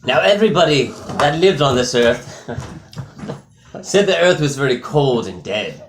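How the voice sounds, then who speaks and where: A man's voice: mid-range voice, sing-song, unhurried, slight background noise. A man improvising a casual story, goofy and often laughing and getting sidetracked. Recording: echoey room.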